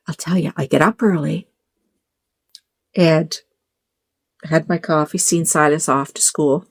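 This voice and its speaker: A middle-aged woman chatting casually to her phone camera in a bedroom at home, rambling with lots of fillers and asides. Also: on the low side. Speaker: doll collector vlogger.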